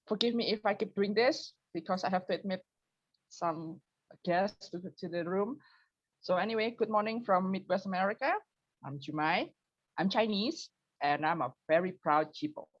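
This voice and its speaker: A woman doing self-mocking stand-up comedy from home over a video call, switching into a high voice when she quotes people. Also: no echo, dull audio. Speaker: open mic comedian. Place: home, early morning.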